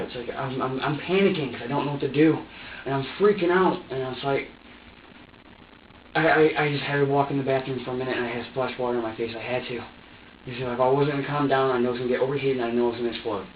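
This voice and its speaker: A man's voice: mid-range voice, fairly even intonation, a little fast, a little hiss or hum. A young man making an emotional confession during a police interrogation, agitated and profane, stammering and restarting as he talks. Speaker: suspect being questioned by police. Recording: distant, roomy, dull room recording.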